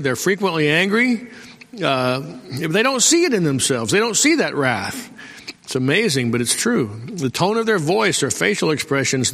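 A man's voice: mid-range voice, fairly bright tone. A middle-aged male pastor preaching a folksy sermon and calling out for amens from the congregation. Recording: long hall reverb.

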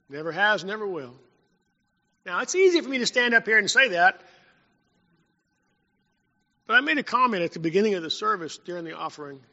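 A man preaching a sermon as pastor, telling stories and swinging between loud and hushed. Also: sits high. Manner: storytelling preacher, rising and dropping in volume. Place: church sanctuary. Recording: dull sound in a long-reverb hall.

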